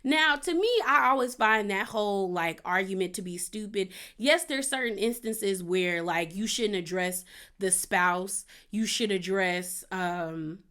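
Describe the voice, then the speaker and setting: Woman, casual recap host, chatty, opinionated, acts out quotes, mid pitch. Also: unhurried, pushed and bright.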